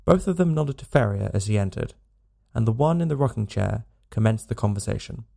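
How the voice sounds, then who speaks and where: A man narrating a classic story in a measured, dramatic audiobook reading. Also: fairly low pitch, lively intonation, vocal fry, dark tone.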